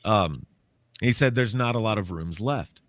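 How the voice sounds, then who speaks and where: A man, a paranormal author and interview guest, telling a story in a casual, animated way and acting out the quotes. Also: on the low side, measured pace, no room sound. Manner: animated, acts out quotes, laughs often.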